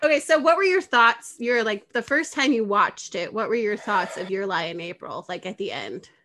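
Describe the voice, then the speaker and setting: A young woman hosting a casual podcast chat, giggly and lively as she tells stories. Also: medium pitch, moderate pace. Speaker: podcast host.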